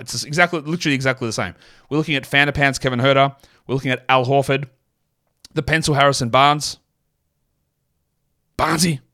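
A man's voice: medium pitch, pushed and bright. A man hosting a fantasy basketball podcast, talking through his picks in a rambling, self-correcting way full of fillers. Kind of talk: solo podcast analysis.

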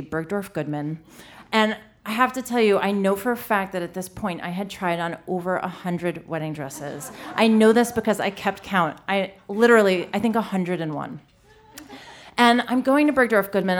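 A woman in her thirties telling a funny personal story on stage, self-deprecating and full of "like". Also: medium pitch. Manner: comic, self-deprecating, lots of "like". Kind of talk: live storytelling.

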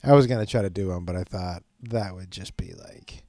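A man's voice: low voice, lively intonation, fast talker, vocal fry, few pauses, warm tone, no echo, studio quality. A man hosting his podcast, rambling in a casual, profane, self-mocking way and often breaking into laughter. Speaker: podcast host.

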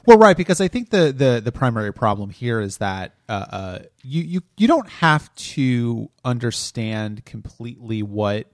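A man's voice: medium pitch, sing-song, moderate pace, few pauses, no echo, clean studio sound. A man co-hosting a podcast, talking through a critique in an exasperated, analytical way. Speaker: podcast co-host reviewing TV episodes. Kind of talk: casual critical chat.

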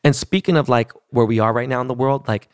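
A man's voice: medium pitch, fast, clean tone, no echo, studio quality. A man, hosting a podcast and telling a story in a casual, profane, slangy rant. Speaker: podcast host.

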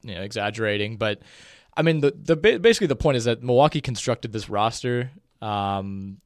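A young man co-hosting a podcast, talking sports casually with quick jokes and asides. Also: medium pitch, no echo, clean studio sound. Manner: relaxed, joking, quick asides. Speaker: podcast co-host.

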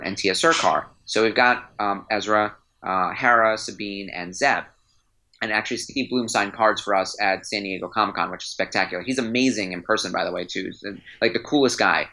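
A man chatting casually as a podcast guest, an animated, rambling fan who restarts his sentences. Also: fairly low pitch, low-quality recording. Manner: animated, rambling, self-interrupting storyteller; enthusiastic fanboy. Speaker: trading card company guest.

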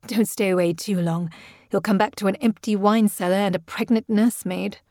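A woman's voice: mid-range voice, steady tone, normal speed, a little mellow, dry recording, studio quality, natural voice. A woman voicing a composed young governess who speaks in a cool, sardonic way.

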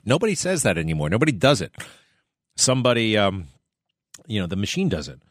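Low-voiced, chatty podcast host, dry sound. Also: male voice, very animated, fast, no echo. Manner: rambling, chatty, asides and laughs. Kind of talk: casual monologue.

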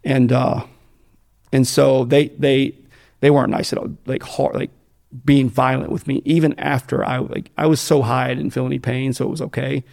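A man's voice: mid-range voice, flat delivery, moderate pace, gravelly, darkish tone. An American man speaking bluntly and profanely, rambling with fillers and restarts as he tells his story in an interview. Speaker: guest telling his addiction story.

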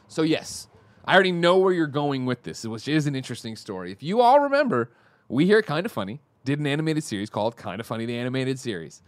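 A man co-hosting a podcast in casual chat, talking in an animated, rambling way and correcting himself mid-sentence. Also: mid-range voice, fast talker, no room sound. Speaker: podcast co-host.

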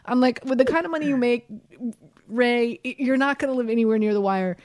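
Woman, sports radio host, animated storyteller, dry studio sound. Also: fairly high pitch, fairly quick, dry recording. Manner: animated storyteller, laughs through her stories. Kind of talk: casual radio chat. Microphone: studio microphone.

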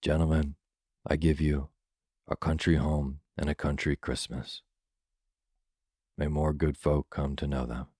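A man's voice: extremely low pitch, level tone, a little slow, pauses often, a little mellow, breathy edge, no echo, clean studio sound, full character voice. A man reading as a jovial old country doctor. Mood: hearty. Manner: toasting heartily.

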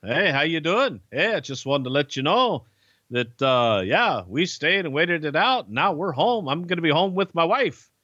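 A chirpy, smug guy ribbing someone over the phone, as a man puts him on mid-story. He sounds higher than an everyday voice. The audio is dry and dull. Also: very animated, moderate pace, pushed and bright, dry recording, exaggerated voice. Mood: teasing.

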